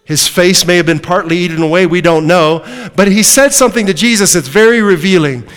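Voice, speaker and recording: A man's voice: sits high, fairly quick, fairly bright tone, clean tone, big-room sound. A man preaching a sermon to a congregation, emphatic and throwing rhetorical questions at his listeners.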